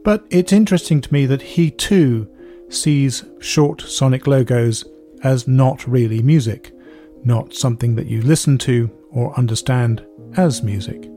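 A man's voice: medium pitch, mellow, faint music behind. Thoughtful man hosting a podcast. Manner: thoughtful, explanatory, measured. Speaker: podcast host. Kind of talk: scripted podcast narration.

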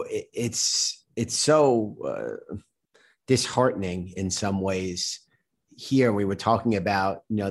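A man interviewing a guest, halting and searching for words as he frames his question. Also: on the low side. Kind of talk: conversational interview.

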